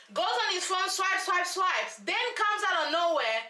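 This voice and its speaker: A woman, ranting through an animated, slangy recap of a reality show with lots of rhetorical questions. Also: very high-pitched, moderate pace, few pauses. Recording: echoey room.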